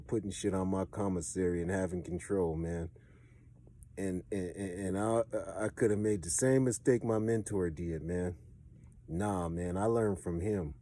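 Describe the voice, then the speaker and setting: Low, mellow-voiced man with an LA accent. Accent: Los Angeles. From Los Angeles. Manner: profane, streetwise, swings between animated and low. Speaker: storyteller giving advice. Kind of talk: casual storytelling monologue.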